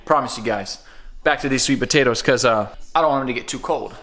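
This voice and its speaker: A man's voice: mid-range voice, fast talker, a bit bright. A man talking casually and energetically to the camera about his food, repeating words for emphasis. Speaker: food vlogger. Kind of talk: casual vlog chat. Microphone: phone camera.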